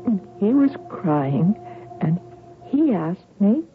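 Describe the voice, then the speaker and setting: Une femme hantée et fragile, qui chuchote. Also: female voice, medium pitch, sing-song, slow, background noise. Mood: wistful. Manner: hushed, dreamy, drifting into whispers. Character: haunted woman recalling her childhood, fragile and despairing. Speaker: narrator of the story. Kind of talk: 1970s radio drama acting. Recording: tinny 1970s radio broadcast over music.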